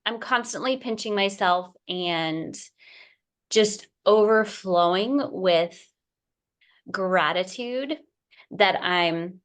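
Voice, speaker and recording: A middle-aged woman author in a casual interview, talking emotionally and effusively, with many pauses and fillers. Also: mid-range voice. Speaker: picture book author, guest.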